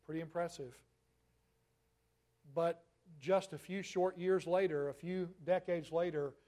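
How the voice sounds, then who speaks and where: A man preaching a sermon with emphatic, deliberate delivery, leaning on rhetorical questions and drawn-out stresses. His voice sits a little higher than most men's. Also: darkish tone.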